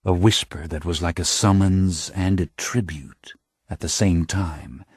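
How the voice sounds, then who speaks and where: A man's voice: fairly even intonation, darkish tone, breathy edge, no room sound. A man narrating an audiobook in a dramatic, intense way, close to a studio mic. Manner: slow, low and intense, rising to urgent cries.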